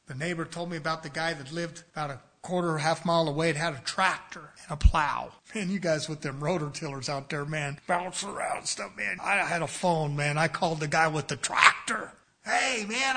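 Brief: male pastor, fervent and folksy, rising to loud bursts, dropping to hushed asides, higher bright tone. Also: vocal fry. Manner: impassioned, swings between loud emphasis and quiet asides; folksy, homespun examples. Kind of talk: sermon. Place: church sanctuary.

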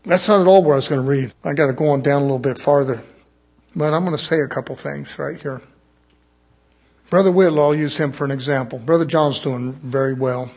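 A man preaching a sermon as pastor, swinging from loud fervent build-ups to quiet asides. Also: fairly high pitch, a little fast, breathy edge.

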